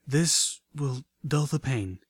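A man playing a gentle pony healer mare. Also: a little high, expressive, moderate pace, no echo, voice pushed up, lightly acted. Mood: worried.

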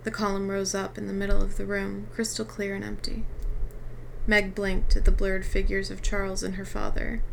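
Gravelly-voiced woman reading a novel aloud. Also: medium pitch, a little hiss or hum, low-quality recording. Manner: stumbles and apologizes between passages. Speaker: reader.

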